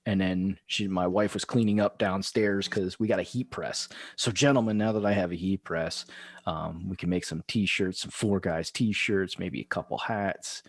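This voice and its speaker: A middle-aged man, a podcast co-host, telling a family story in casual chat with animated laughter. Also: low-pitched, normal speed, no echo.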